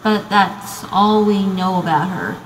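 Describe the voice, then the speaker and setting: Slow and medium-pitched, a young American woman narrates her casual video essay as a student, wandering off track with lots of "um" and "you know." There's a little hiss or hum, and the echoey room leaves a long reverb tail.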